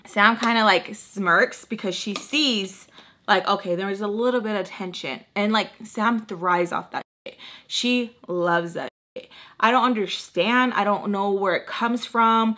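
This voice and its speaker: A woman's voice: medium pitch, unhurried. A young woman telling a storytime on her vlog in a casual, sassy way, acting out what others said to her. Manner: sassy, animated, acts out quoted dialogue. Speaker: beauty vlogger.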